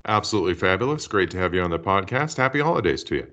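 Lively low-voiced male podcast host. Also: rapid-fire. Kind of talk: comedy skit and interview hosting.

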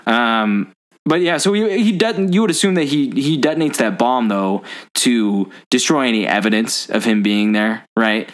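A man's voice: medium pitch, lively intonation, normal speed. A man hosting a casual movie-discussion podcast, chatty and rambling with lots of fillers. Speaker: podcast host.

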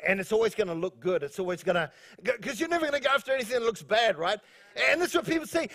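A high-voiced man from New Zealand preaching a sermon. He jokes and rambles, laughs often and keeps restarting his sentences before he settles back into scripture. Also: big pitch swings, fast talker, a bit bright. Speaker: pastor.

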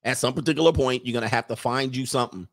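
A man hosting a live stream in casual, slangy commentary, animated, laughing often and mocking people in put-on voices. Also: mid-range voice, very fast, dry recording, studio quality. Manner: laughs often mid-sentence.

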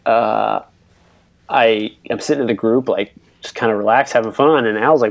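Here the interviewee, a young man who races and fixes bikes, has a gravelly medium-pitched voice and talks at a normal, steady pace. His long story wanders loosely, full of fillers and impressions of other people's voices. There's no echo, but the audio is poor.

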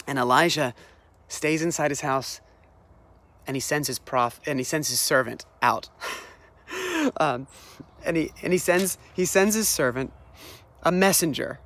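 A man preaching a sermon, retelling a Bible story in a lively, animated way, often repeating words as he restarts his sentences. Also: mid-range voice. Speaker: pastor.

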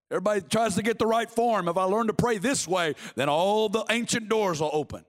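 A man's voice: high voice, normal speed. A man preaching a sermon in a church, fervent and driving his points home by repeating phrases. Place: church sanctuary.

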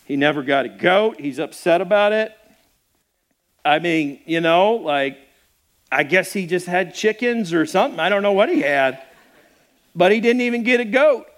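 A middle-aged man with a high voice preaches a sermon as a pastor. He talks in a loose, conversational way, stumbling and restarting as he goes. He acts out the people in his story with lively, animated delivery. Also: moderate pace. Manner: animated storytelling with acted-out quotes.

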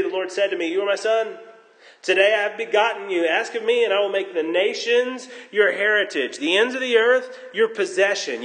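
Animated preacher with a high voice. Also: male voice. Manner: animated, swinging from loud emphasis to hushed tones; jokes at his own expense. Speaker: pastor. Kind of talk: sermon. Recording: long reverb in a large hall.

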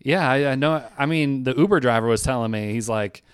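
A man's voice: mid-range voice, brisk, clear, resonant tone, dry recording. Joking New York man, dry sound. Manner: joking, laughs often, trails off with fillers. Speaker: comedian podcast host. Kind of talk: casual chat. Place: hotel room. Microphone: remote call with headphones.

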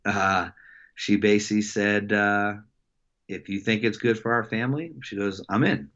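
Low-voiced middle-aged coach guy, lots of ums and restarts, kinda muffled audio. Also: fairly bright tone. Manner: halting, many fillers and restarts. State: emotional. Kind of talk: casual interview storytelling. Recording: dull lo-fi sound.

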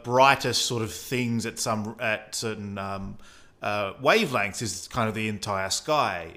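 An Australian man with a bright, forceful voice talks through physics in a casual, conversational way. He thinks aloud as he goes, with ums and restarts. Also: medium pitch. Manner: explanatory, thinking aloud with fillers. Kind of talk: conversational science explanation.

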